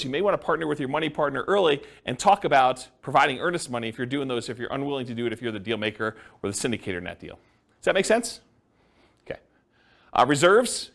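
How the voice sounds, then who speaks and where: Gravelly man lecturing a class. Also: on the high side, a bit bright. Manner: conversational, checks in with listeners, many fillers. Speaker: real estate investing instructor. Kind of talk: classroom lecture on real estate.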